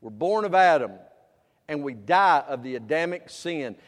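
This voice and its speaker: A man, preaching a sermon with loud emphatic bursts and quieter asides. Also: a little high, animated, moderate pace, in a large hall. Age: 50s. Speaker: pastor.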